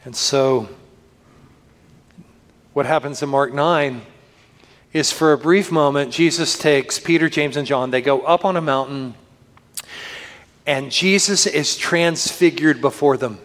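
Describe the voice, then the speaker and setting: A man pastor preaching a sermon, earnest and slowing down to lift his voice for scripture, recorded in a church. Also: a little high, fairly bright tone. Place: church sanctuary. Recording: long reverb of a church hall.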